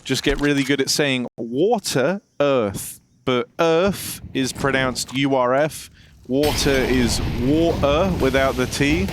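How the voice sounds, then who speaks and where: A man's voice: medium pitch, measured pace, noisy background. A man casting live esports matches, playful and joking with his co-casters.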